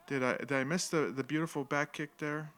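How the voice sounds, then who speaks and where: A man's voice: a little high, fairly even intonation, fairly quick, a bit bright, clear, resonant tone. A man hosting a live stream, casually commenting on an old fight with jokes, rambling asides and frequent laughter. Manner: rambling, joking, laughs often. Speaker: livestream host.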